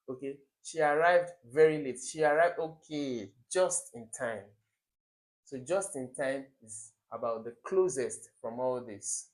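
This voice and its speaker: A man with a Nigerian English accent, talking through exam questions one by one as a tutor. He explains patiently, repeats the key words, and gives a small laugh at the wrong options. His voice sits at a middle pitch. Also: rough recording. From Africa.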